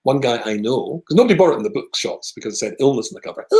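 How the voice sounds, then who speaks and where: A man with a British accent, a rabbi telling a long personal story in conversation, with lively asides. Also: medium pitch, very fast, low-quality recording. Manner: animated anecdotal storyteller with asides.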